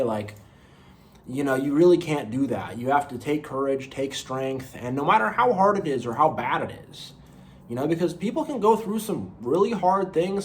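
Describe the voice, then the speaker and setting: A man giving an unscripted motivational monologue, earnest and rambling, repeating phrases and saying "you know" often. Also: mid-range voice. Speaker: motivational video creator.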